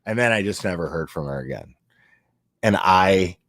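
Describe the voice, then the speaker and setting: A man's voice: low voice, lively intonation, normal speed, a bit bright, no room sound, clean studio sound. A man telling a crude personal story in a casual way, often laughing as he goes.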